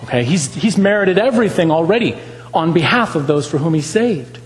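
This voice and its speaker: A man preaches with a high voice that climbs and drops in lively swings. He asks the congregation questions and drives his points home by repeating them. The sound carries a long reverb from a large church hall. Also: a little fast. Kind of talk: sermon.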